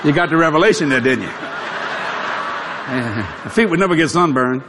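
A man preaching a sermon, telling a funny story with frequent chuckles and shouted punchlines. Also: fairly high pitch, normal speed, noisy background. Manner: animated, chuckling, shouts for emphasis.

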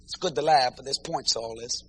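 A man preaching a comic storytelling sermon, animated and bursting into shouted exclamations between praise interjections. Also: mid-range voice, brisk, husky. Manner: peppers talk with praise interjections.

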